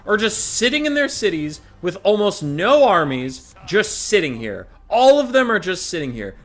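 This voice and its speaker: Brief: young male game caster, swearing rants, lively high voice, bright tone. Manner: profane, ranting, exasperated. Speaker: tournament caster. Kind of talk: casual gaming commentary.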